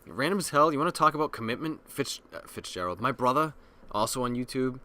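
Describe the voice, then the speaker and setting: A man's voice: mid-range voice, lively intonation, quick pace, sharp tone. A man in his thirties hosting a podcast, chatting casually, joking and swearing loosely. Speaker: podcast host. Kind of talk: casual chat.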